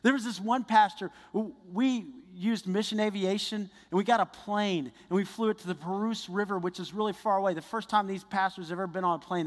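A male pastor preaching a sermon, telling stories with excited earnestness that builds into fervent prayer. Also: sits high, big-room sound.

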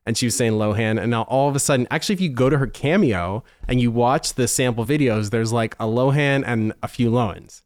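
A man co-hosting a podcast in casual chat, wry and chatty, with quick asides. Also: mid-range voice, no echo, clean studio sound. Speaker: podcast co-host.

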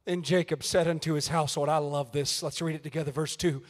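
A man preaching at a youth meeting, swinging from shouted appeals down to hushed, near-whispered lines. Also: a little high, fairly even intonation, fast. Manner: rises to shouted calls, then drops to near-whispers. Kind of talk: fiery sermon. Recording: reverberant church hall.

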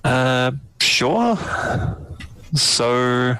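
A man's voice: medium pitch, sing-song, drawn-out words, bright, forceful tone, slight background noise, poor audio. A man playing a tabletop game, talking casually and hesitating while he checks his rules. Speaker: player.

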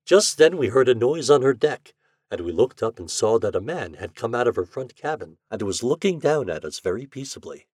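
A man reading a story aloud as a podcast narrator, with an expressive reading style. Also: mid-range voice, fairly quick, breathy edge, no room sound, clean studio sound. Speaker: podcast reader.

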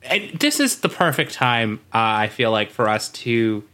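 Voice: mid-range voice, moderate pace. A podcast co-host in casual chat, joking and leading the segments. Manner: joking, animated.

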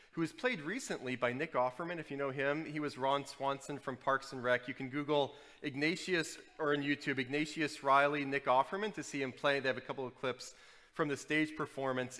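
A man from New Orleans preaching a sermon, with animated storytelling and wry asides. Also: mid-range voice, long reverb tail. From New Orleans, USA. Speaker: pastor.

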